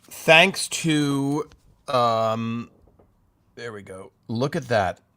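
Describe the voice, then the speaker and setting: A man's voice: medium pitch, lively intonation, extremely slow, fairly bright tone. A man hosting a casual livestream, greeting viewers and reading their comments in a rambling, chatty way with many fillers. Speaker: livestream host.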